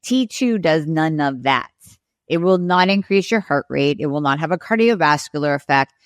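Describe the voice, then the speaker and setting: Low-voiced woman explaining thyroid science. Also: lively intonation, normal speed, no room sound, clean studio sound. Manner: explanatory, acts out patient and doctor dialogue. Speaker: guest thyroid expert. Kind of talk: podcast interview.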